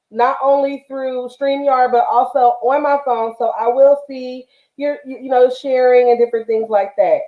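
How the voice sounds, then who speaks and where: A woman from the Bay Area hosting a craft livestream, talking casually and affectionately with lots of fillers. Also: sits high. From Northern California, Bay Area. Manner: chatty, affectionate, many fillers. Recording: roomy, dull livestream audio.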